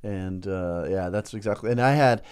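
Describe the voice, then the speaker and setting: Smooth-voiced man telling a lively story. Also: lowish voice, normal speed. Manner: animated storyteller, acts out quoted voices. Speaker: co-host. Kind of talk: casual chat.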